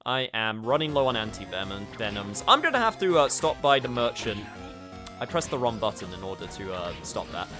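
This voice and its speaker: In a lowish, sing-song voice that moves a little fast, a male streamer chats to his viewers about the game he's playing. He swears occasionally over faint background game music.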